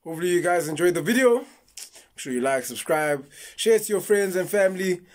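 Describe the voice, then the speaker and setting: Young man, fairly high voice, slangy, laid-back YouTuber chat. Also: lively intonation, quick pace, a little mellow. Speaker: comedy YouTuber. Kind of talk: casual vlog intro.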